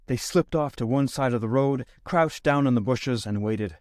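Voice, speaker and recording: A man narrating a classic short story as an audiobook reader, steady, lifting his voice for quoted lines. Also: medium pitch, moderate pace, few pauses, no room sound. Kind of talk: scripted narration.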